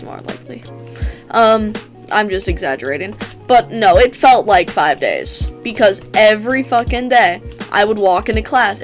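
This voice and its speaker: A teenage girl telling rambling, profane stories in a casual chat while she plays a game, laughing often. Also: mid-range voice. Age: teens. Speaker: gaming streamer. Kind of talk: casual storytelling while gaming.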